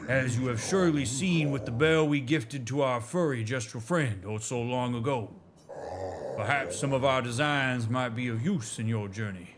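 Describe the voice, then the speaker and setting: A man voicing a shrewd male creature craftsman with a put-on Southern drawl, speaking formally and measured. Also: mid-range voice, background noise, natural voice. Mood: resolute.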